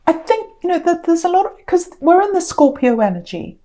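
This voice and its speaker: Mellow-voiced chatty woman tarot reader. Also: very high voice, big pitch swings, a little fast. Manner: chatty, rambling, many ums and restarts; gentle, reassuring advice. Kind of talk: casual spoken tarot reading.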